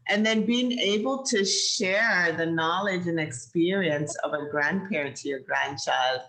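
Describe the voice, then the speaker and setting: A woman's voice: lowish voice, unhurried, fairly bright tone. A woman with a Jamaican accent hosting a children's show over a video call, encouraging and teacherly, laughing often. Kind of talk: lively chat with kids on a video call.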